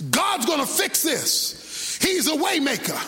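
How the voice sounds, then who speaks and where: Preacher playing moses hyping up the crowd, shouty sing-song, super high, echoey sanctuary. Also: male voice, sing-song, slow, heavily acted. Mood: rousing. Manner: shouted, half-sung proclamations. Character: Moses, an anxious male leader rallying his people.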